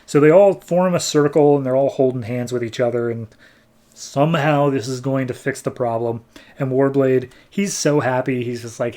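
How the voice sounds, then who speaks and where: A man's voice: medium pitch, steady tone, moderate pace, dark tone. A man hosting a comic review podcast, recapping a comic casually and rambling with many "like"s. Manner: rambling, lots of "like", acts out characters.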